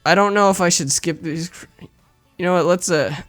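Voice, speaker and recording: A reader narrating a visual novel as its protagonist, fondly scolding and tender, then chatting excitably about it while correcting themselves. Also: mid-range voice, brisk, faint music behind. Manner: excitable between lines, self-correcting.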